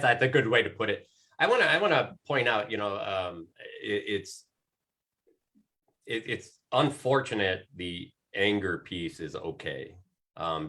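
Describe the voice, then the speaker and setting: A man with a low, forceful voice talks casually on a coaching panel. He rambles, restarting and filling his sentences as he goes. He sounds middle-aged. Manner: rambling, many restarts and fillers.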